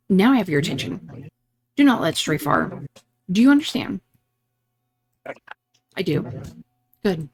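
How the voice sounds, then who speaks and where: A woman's voice: medium pitch, very animated, normal speed, pauses often, darkish tone. A woman hosting a gaming channel, reading game dialogue aloud in a let's-play and switching voices dramatically between the characters.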